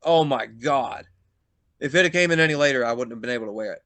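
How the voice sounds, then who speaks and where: Guy telling a wild backstage story, bright punchy voice, swears a lot, dry close mic. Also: mid-range voice, quick pace, dry recording. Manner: animated, swearing, acts out quotes in loud bursts. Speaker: pro wrestler, podcast guest. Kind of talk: casual storytelling chat.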